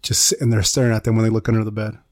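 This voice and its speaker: A man's voice: fairly low pitch, level tone, rapid-fire, no room sound. Rambling casual man telling a story, dry sound. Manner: rambling, says "dude" a lot. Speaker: podcast co-host telling a story.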